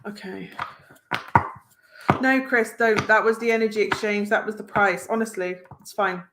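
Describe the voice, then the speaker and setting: A woman's voice: medium pitch, fairly even intonation, moderate pace, heavy background noise. A woman reading cards on a live stream, chatting casually and encouragingly with viewers as she reads out their comments. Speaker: tarot reader hosting a live stream.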